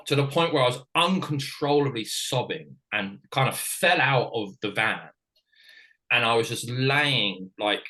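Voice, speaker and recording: A middle-aged man from Britain, a former hockey player and coach, telling a personal story frankly in halting, restarting sentences. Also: mid-range voice, sharp tone, rough recording.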